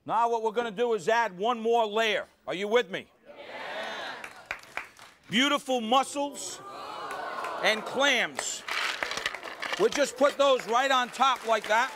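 Male TV chef host, high voice, big showman energy, audience murmuring low in a studio. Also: slow pace, pauses often, a crowd in the background, noisy background. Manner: exuberant, talks straight to the studio audience. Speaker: TV cooking show host. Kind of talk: live cooking demonstration. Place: TV studio kitchen. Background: faint studio audience.

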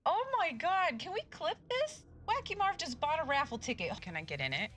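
Giggly woman streamer, bright voice. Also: high voice, wildly swooping pitch, fairly quick, faint music behind. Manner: giggly, crude joking, laughs often. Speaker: live streamer. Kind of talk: casual live-stream chat while gaming.

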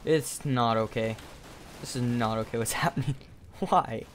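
A man's voice: medium pitch, normal speed, a little hiss or hum. Sarcastic young man narrating his gameplay. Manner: sarcastic, excitable play-by-play. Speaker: gaming YouTuber. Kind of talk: live gameplay commentary.

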